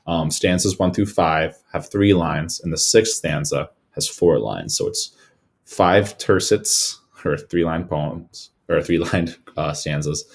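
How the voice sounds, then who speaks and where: A man's voice: very deep voice, darkish tone. A young man giving a casual, earnest recorded slide presentation as a student, with frequent fillers and restarts.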